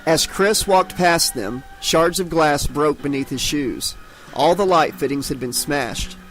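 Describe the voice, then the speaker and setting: A man's voice: fairly high pitch, measured pace, fairly bright tone, soft background music, poor audio. A man narrating an unabridged horror audiobook dramatically, giving each character its own voice.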